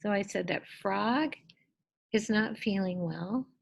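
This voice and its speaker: Woman teacher, unhurried and encouraging, coaxes young kids through a reading lesson. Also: mid-range voice, gravelly, rough recording. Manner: gentle, encouraging, asks children questions.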